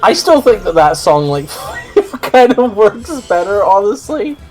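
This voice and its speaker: A man's voice: sits high, sing-song, measured pace, darkish tone, faint music behind. A man co-hosting a casual gameplay stream, rambling and opinionated, often correcting himself mid-sentence. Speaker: streamer co-host.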